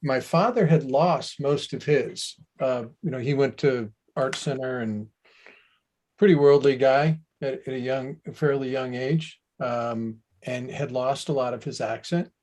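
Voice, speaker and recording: A man from near New York in a casual panel chat, telling a story in a measured, reflective way. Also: mid-range voice, darkish tone. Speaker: illustrator panelist.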